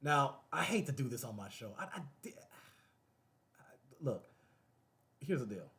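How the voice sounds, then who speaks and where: A man's voice: mid-range voice, a little slow. A man hosting his own show, talking casually and animatedly to the camera, repeating phrases and breaking into laughter. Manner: animated, repetitive, laughing asides. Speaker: show host.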